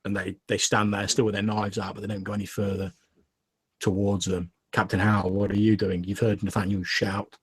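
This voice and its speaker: A man's voice: on the low side, little pitch movement, normal speed, slightly rough, no room sound. A young man narrating a tabletop game as game master, casual and full of fillers.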